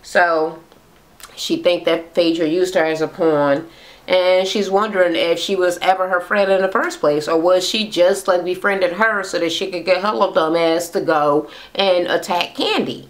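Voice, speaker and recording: A woman with a slightly low voice recaps a reality show in a blunt, profane rant. She talks casually and gossips as she retells the scenes. She never softens her opinions. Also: steady tone, normal speed.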